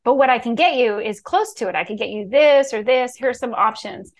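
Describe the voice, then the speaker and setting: A middle-aged woman from Key West, a real estate executive telling stories in a bubbly, animated way as a podcast guest. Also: a little high, a little fast. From Key West, Florida. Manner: bubbly, animated, acts out quoted voices. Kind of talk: casual storytelling interview.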